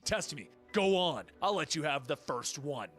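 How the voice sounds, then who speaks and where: A man's voice: fairly high pitch, expressive, moderate pace, a bit bright, faint music behind. Man doing a hot-tempered archer hero. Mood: threatening. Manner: angry, confrontational.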